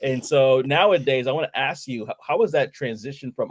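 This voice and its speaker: A man's voice: mid-range voice, a little fast. Upbeat male interview host. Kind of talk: casual interview chat.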